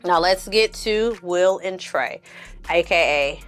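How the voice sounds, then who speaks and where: A woman's voice: fairly low pitch, slow pace, soft background music. Sassy woman reviewing a TV show. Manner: sassy, expressive, acts out scenes in funny voices. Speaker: film and TV reviewer. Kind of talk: casual review vlog.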